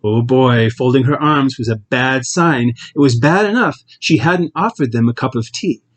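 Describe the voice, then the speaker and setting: A man narrating an audiobook in a measured, steady storytelling voice. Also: medium pitch, poor audio. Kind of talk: scripted narration.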